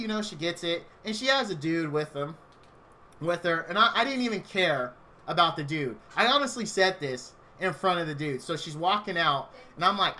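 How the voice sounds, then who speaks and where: A man's voice: high voice, big pitch swings, normal speed, pushed and bright. A man in his thirties telling a rambling personal story on a live game stream, chatty and full of "like".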